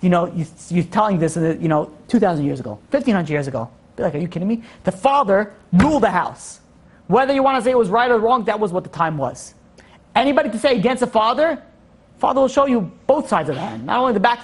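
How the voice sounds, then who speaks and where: Rabbi guy giving a torah class, talks super fast, lots of questions at the crowd and little jokes. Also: high voice, breathy edge. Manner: animated, rhetorical questions, joking asides.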